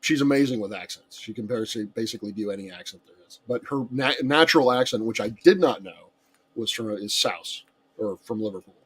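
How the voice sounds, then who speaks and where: A man's voice: fairly low pitch, brisk, fairly bright tone, breathy edge. Man with a muddled Southern accent. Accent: mixed Southern American. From Southern United States. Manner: rambling, with many fillers and restarts. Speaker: guest. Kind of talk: casual chat.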